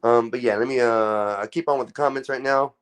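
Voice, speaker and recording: A man's voice: medium pitch, fairly even intonation, fairly quick, clean tone. A man hosting a casual livestream and talking to his chat, often exasperated, with a lot of swearing. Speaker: livestream host. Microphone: phone.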